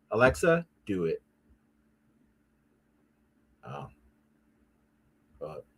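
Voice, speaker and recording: A man's voice: on the low side, slightly rough. A man hosting a casual pop-culture commentary show, rambling and profane, with many restarts and asides. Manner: easily frustrated, talks back at his devices. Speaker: podcast host.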